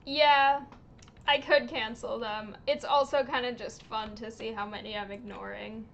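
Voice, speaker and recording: A woman livestreaming a game, chatting casually in an unhurried way, with lots of little laughs and ums. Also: a little high, steady tone, vocal fry, fairly bright tone, lo-fi sound, a little hiss or hum. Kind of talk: casual chat while streaming a game.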